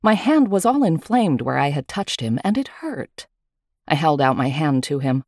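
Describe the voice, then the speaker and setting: Low, lively woman telling a story. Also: normal speed, no room sound, clean studio sound. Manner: lively, wry first-person telling. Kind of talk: storytelling narration.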